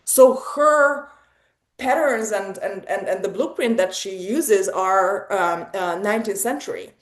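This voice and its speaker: Animated woman talking in an echoey room. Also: mid-range voice, measured pace. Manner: animated, digressive, laughs often, many restarts. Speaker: salon host. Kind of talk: casual literary discussion. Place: online video salon.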